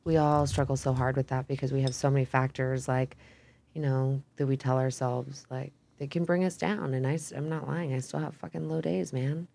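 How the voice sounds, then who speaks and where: Rumbling low, gravelly and warm, her steady-toned voice moves at normal speed over slight background noise. The young Idaho woman rambles through a casual podcast chat, candid and profane, with frequent "like" and "um."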